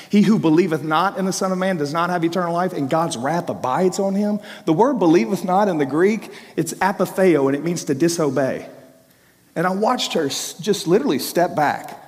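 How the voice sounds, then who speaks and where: A man preaching his testimony with a fairly high voice, hammering home repeated phrases and then dropping to a hush. His words ring out with the long reverb of a large church hall. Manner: emphatic storytelling with repeated phrases; swings between raised bursts and hushed, low passages. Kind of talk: sermon testimony.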